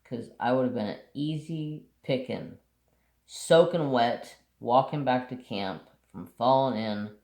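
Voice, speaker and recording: A man hosting a craft channel, telling a story in a relaxed, rambling way and swearing casually. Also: mid-range voice, slow pace. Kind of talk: casual storytelling while painting. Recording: roomy echo.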